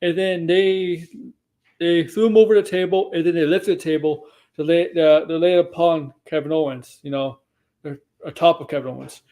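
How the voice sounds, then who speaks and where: A man's voice: a little high, steady tone, moderate pace, dark tone. A man casually recapping a wrestling show for his stream, rambling and often correcting himself mid-sentence. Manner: rambling, self-correcting, acts out quotes.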